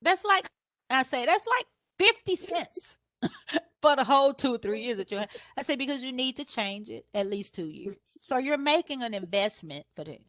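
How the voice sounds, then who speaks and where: Lively woman photographer with a high, dry voice. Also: moderate pace, no room sound. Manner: lively storyteller who acts out customers in a higher voice; laughs often while talking. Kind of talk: panel discussion sharing business advice.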